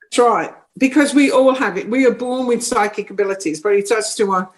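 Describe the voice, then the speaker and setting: A woman's voice: fairly high pitch, fairly quick. A woman guest on an interview, a psychic medium who speaks bluntly and firmly and explains steadily in everyday phrases. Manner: blunt and firm. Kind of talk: interview conversation.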